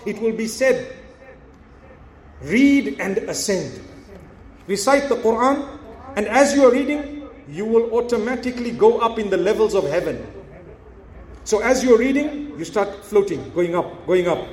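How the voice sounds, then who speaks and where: A man's voice: high voice, darkish tone, echoey room. A man preaching to a live audience, earnest and encouraging, asking rhetorical questions and urging listeners to recite melodiously. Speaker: Islamic preacher.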